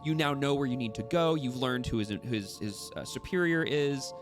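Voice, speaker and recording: A man's voice: mid-range voice, normal speed, music in the background. Rambling male dungeon master. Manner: rambling, many fillers and restarts. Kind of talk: narrating a tabletop game.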